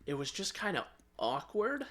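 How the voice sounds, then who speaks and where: A man co-hosting a casual podcast, his voice sitting a little higher than most men's. He rambles through a retelling, full of ums and restarts, and now and then slips into quick acted-out lines. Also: big pitch swings, fairly bright tone. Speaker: podcast co-host. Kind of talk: casual chat.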